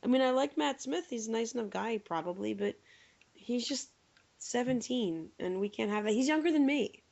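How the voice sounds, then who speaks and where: A woman's voice: a little high, animated, normal speed, gravelly, darkish tone. Chatty young woman, lo-fi sound. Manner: chatty, joking, full of "like". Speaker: podcast co-host. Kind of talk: casual chat. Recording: dull lo-fi podcast audio.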